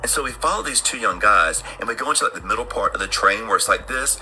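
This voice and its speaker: A middle-aged man telling a long personal story in a casual, animated way. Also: on the low side, quick pace. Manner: animated, acts out voices in his story. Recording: noisy background ambience.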